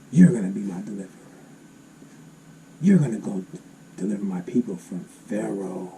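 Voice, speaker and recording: A man reading Bible verses aloud and explaining them in an animated, exclaiming way. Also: mid-range voice, slight background noise, poor audio. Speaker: Bible teacher.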